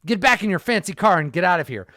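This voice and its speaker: A man's voice: high voice, expressive, fast talker, pushed and bright, no echo, studio quality, pitched above the performer's own voice. A man reading a story aloud and voicing a hostile male henchman in a suit, with an attempted Spanish accent that drifts toward Italian. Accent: attempted Spanish, slipping toward Italian. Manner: barking, contemptuous.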